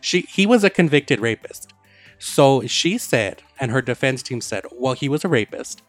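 A man's voice: mid-range voice, big pitch swings, moderate pace, a bit bright, no room sound, soft background music. A man hosting a podcast, casually retelling a story with lots of swearing and quoted voices. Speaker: podcast host.

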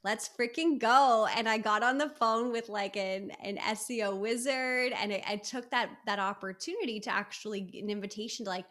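A woman talking as a podcast guest in a casual chat. She is animated and playful, and she slips into little acted-out quotes as she goes. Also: medium pitch, brisk, few pauses.

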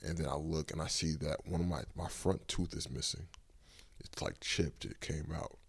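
A man's voice: extremely low pitch, fairly even intonation, moderate pace, gravelly, slightly rough, no room sound. A man hosting his own podcast, casually retelling a personal story in a loose, rambling way with lots of fillers. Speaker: podcast host.

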